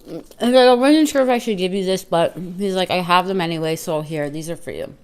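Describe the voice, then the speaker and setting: A woman's voice: fairly low pitch, lively intonation, fairly quick. A woman vlogger telling a casual story while eating, rambling and acting out both sides of a conversation with lots of "I'm like" and "he's like.". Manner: rambling, quotes herself and others with "I'm like" and "he's like"; chatty filler-heavy talk with restarts. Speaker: mukbang vlogger.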